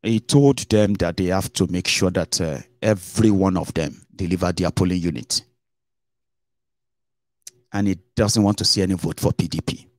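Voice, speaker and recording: A man giving casual, animated political commentary on his own channel, slipping into pidgin asides. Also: sits low, normal speed, no room sound.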